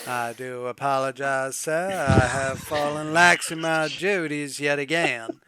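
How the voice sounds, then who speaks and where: A man's voice: medium pitch, takes it slowly, a bit bright. A man voicing a prim, servile male valet who speaks in formal, deferential butler diction and keeps apologizing. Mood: formal, apologetic.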